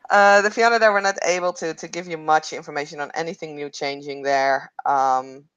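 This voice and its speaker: A game master narrating a tabletop game over a video call, chatty and quick to laugh. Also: mid-range voice, fairly even intonation, fairly bright tone, clear, resonant tone, no room sound. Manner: giggly, chatty.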